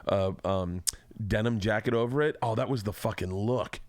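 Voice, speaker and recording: A man's voice: lowish voice, moderate pace, no room sound. A man from Florida hosting a casual podcast chat, rambling and laid-back with frequent laughs. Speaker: podcast host. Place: home studio room.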